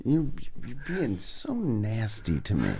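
A man's voice: lowish voice, wildly swooping pitch, slow pace, dark tone, slight background noise. A man on a podcast in casual chat, rambling and stopping himself mid-sentence, often whining in mock complaint. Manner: rambling, self-interrupting, mock-whiny. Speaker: podcast co-host.

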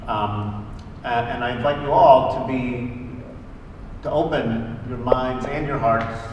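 A man's voice: mid-range voice, far from the mic, background noise. A man giving the opening remarks of a public debate, informal and joking with many fillers, heard in a reverberant hall. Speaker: debate speaker. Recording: reverberant lecture hall, faint ambience.

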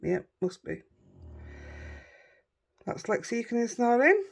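A woman's voice: on the high side, big pitch swings, a little slow, gravelly, slightly rough. A middle-aged woman with a Yorkshire accent chatting casually as she crafts at home, thinking aloud and poking fun at herself. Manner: rambling, self-deprecating, thinking aloud. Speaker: craft vlogger.

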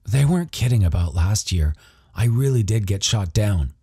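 A man's voice: lowish voice, animated, normal speed, warm tone, breathy edge, dry recording, studio quality. A man voicing a confident, guarded teenage boy with a wry, matter-of-fact way of talking.

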